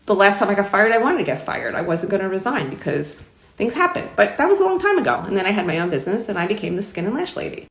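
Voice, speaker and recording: A middle-aged woman with a New York accent tells a long personal story to the camera in a chatty, rambling, emphatic way. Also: medium pitch. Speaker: vlogger. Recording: roomy echo.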